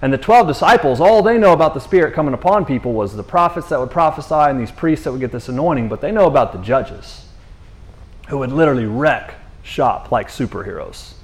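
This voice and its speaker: A man's voice: mid-range voice, expressive, brisk. A man giving a casual, conversational sermon, slangy and full of restarts. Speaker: preacher.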